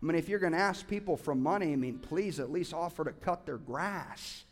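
A male pastor preaching a sermon with passion, swinging from loud urging to quiet asides. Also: a little high, a little fast, faint music behind. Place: church sanctuary. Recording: hall reverb.

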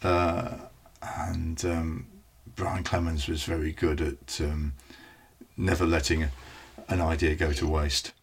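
A man's voice: very deep voice, level tone, takes it slowly, slightly rough. A man co-hosting a podcast, chatting casually in a knowledgeable, matter-of-fact way. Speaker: podcast co-host. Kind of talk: casual chat about old television.

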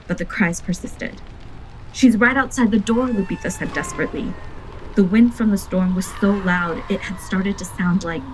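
A woman's voice: mid-range voice, a little mellow, a little hiss or hum, rough recording. A woman hosting a folklore podcast, narrating a scripted story in an earnest, vivid way.

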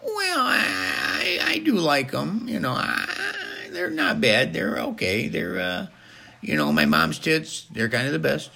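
A man voicing a timid young man who stammers in a high, cracking voice. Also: big pitch swings, unhurried, creaky, bright, forceful tone, heavily acted. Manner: hesitant, stammering.

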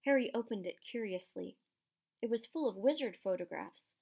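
A woman narrating a children's novel as an audiobook, giving lively voices to the characters. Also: mid-range voice, normal speed, vocal fry, breathy edge. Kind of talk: scripted narration.

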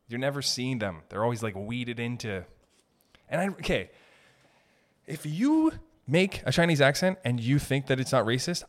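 A young man talking alone into the mic for his comedy podcast, voice sitting at an ordinary middle pitch. He rambles from one thought to the next, swearing freely and arguing his points. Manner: rambling, profane, argumentative. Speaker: podcast host. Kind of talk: solo comedic podcast monologue.

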